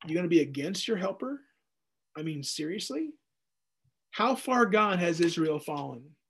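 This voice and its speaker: Jokey, animated male Bible teacher. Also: sits high, moderate pace, slightly rough. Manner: jokey, animated, acts out quotes.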